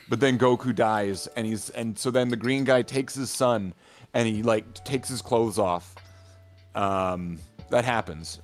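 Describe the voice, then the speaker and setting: Rambling man telling a story among friends. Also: mid-range voice. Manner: rambling, filler-heavy storytelling, constantly asking "right?". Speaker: hobby gaming channel regular. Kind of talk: casual chat among friends.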